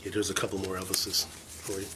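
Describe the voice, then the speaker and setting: A man's voice: deep voice, completely flat delivery, fairly quick, pushed and bright, a little hiss or hum. A man chatting casually to camera as a vlogger, rambling and enthusiastic with a self-deprecating streak. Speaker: vlogger showing his record collection.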